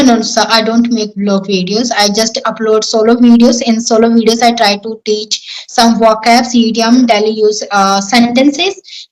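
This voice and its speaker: A woman's voice: on the high side, low-quality recording. A woman with an Indian accent answering questions in casual English practice, earnest and self-assured. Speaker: English-learning YouTuber.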